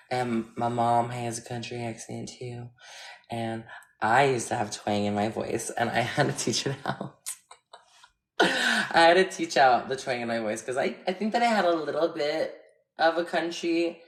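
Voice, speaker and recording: A chatty, giggly woman in her twenties from Florida with a general American accent, livestreaming casually to viewers from home with playful swearing. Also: very deep voice. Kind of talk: casual chat with live viewers. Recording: echoey room with loud noise.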